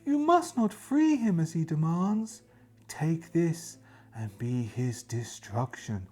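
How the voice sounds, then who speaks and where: A man's voice: a little high, sing-song, takes it slowly, darkish tone, exaggerated voice. A man voicing a ghostly queen who gives a solemn command.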